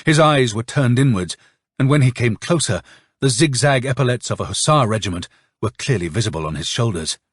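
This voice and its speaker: Husky-voiced male audiobook narrator. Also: medium pitch, a little fast, no echo, clean studio sound. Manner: expressive, dramatic reading. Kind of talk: scripted narration.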